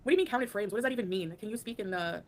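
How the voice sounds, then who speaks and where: Talking rapid-fire in a medium-pitched voice, a woman hosts a relaxed livestream, answering chat messages, thanking people by name, laughing often and singing little snatches of songs.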